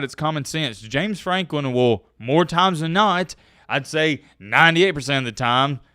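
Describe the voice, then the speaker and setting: A man giving casual, joking sports commentary to his viewers, swinging between loud outbursts and quiet asides. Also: a little high, no echo, studio quality.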